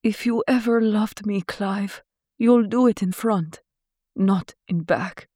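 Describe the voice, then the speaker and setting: A woman voicing a glamorous female jewel thief from a film, speaking accented English in a husky, pleading, emotional voice. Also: medium pitch, slow pace, mellow, dry recording, clean studio sound, pitched above the performer's own voice.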